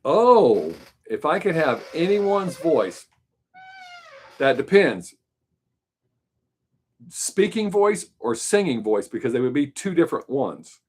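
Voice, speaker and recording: A man's voice: on the high side, very animated, slow pace, pauses often, husky. Rambling man with a mild Southern accent. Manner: rambling, loose and chatty, with many fillers. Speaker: live-stream host. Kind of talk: casual chat answering viewers.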